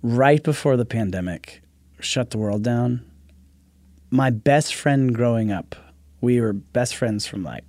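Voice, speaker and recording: A man's voice: mid-range voice, slow pace, no echo. Playful man in a dry studio. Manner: playful, animated storytelling. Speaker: guest author. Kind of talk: casual interview.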